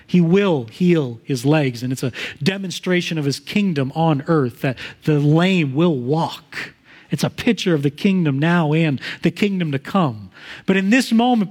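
A man's voice: a little high, a little mellow. A man pastor preaching a sermon in an earnest teaching manner, livening points with made-up everyday examples.

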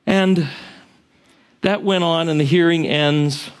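A man's voice: fairly high pitch, steady tone, slow pace. Man preaching in an easygoing storytelling voice. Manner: conversational storytelling with asides. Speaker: pastor. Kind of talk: sermon.

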